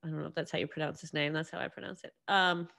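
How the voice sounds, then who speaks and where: एक युवा महिला होस्ट, जो अकेले बैठकर अपने पॉडकास्ट पर बिखरी-बिखरी बातें करती है, बार-बार वाक्य अधूरे छोड़कर फिर से शुरू करती है और खुद पर ही हँसती है।. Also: female voice, low-pitched, fairly even intonation, racing, gravelly, a bit bright. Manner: rambling, self-deprecating, many restarts. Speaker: podcast host. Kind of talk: casual solo monologue.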